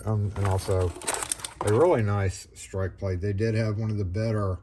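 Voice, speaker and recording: Male locksmith vlogger, mid-pitched voice, loose chatty delivery with lots of "uh" and restarts. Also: darkish tone, slight background noise. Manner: rambling, loose, full of fillers and restarts. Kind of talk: casual product review vlog.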